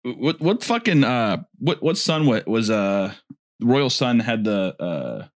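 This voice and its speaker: A man's voice: mid-range voice, very animated, takes it slowly. A man co-hosting a podcast in casual comedic banter, often laughing through his lines. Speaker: podcast co-host.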